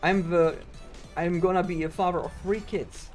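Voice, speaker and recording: A man's voice: sits high, steady tone, normal speed, darkish tone, faint music behind. A man, rambling and ranting in casual chat while streaming a game, full of fillers. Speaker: speedrunner streamer.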